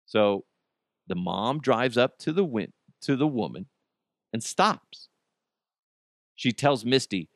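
A man's voice: mid-range voice, very animated, takes it slowly, long pauses, dry recording, studio quality. A man hosting a podcast, telling a story in a loose, conversational way with fillers and restarts. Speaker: podcast host. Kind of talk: casual storytelling.

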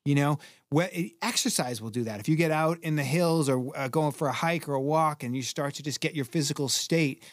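Man from Boston, breathwork teacher, animated storyteller, slightly high voice, dry close sound. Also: fairly quick, few pauses, no echo. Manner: animated, acts out his classes loudly. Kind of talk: casual podcast conversation.

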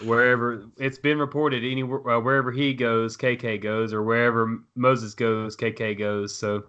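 Young male co-host, bright tone, easygoing and jokey. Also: mid-range voice, little pitch movement, moderate pace, dull audio. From South Arkansas. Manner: easygoing, jokey, fan enthusiasm. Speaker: podcast co-host. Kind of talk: casual sports podcast chat.

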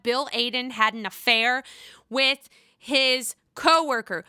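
A woman's voice: high voice, a little slow, pushed and bright, smooth, no echo, clean studio sound. Chatty, profane woman recapping gossip. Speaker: reality TV recapper.

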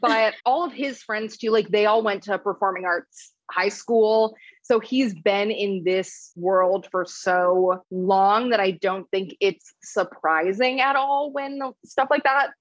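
A young woman guest on a podcast, chatting casually and telling stories with quick silly voices for quoted lines. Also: mid-range voice, no echo, highs cut off. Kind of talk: casual chat.

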